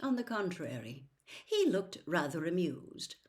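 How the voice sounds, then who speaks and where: Slow, deliberate female audiobook narrator, lower pitch. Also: sing-song. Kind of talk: audiobook reading.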